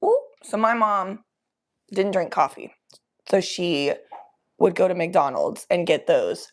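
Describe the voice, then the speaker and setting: A woman's voice: on the low side, animated, takes it slowly. A woman from the US Midwest, chatting casually on a livestream in a loose, swearing, talkative way. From Cincinnati, US Midwest.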